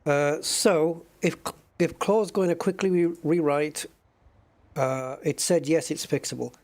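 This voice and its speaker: On the high side but darkish in tone, this man's voice is steady and measured in pace. He streams a space game from a home desk with a joystick, chatting casually with viewers he addresses as "guys," thinking aloud and humming while waiting.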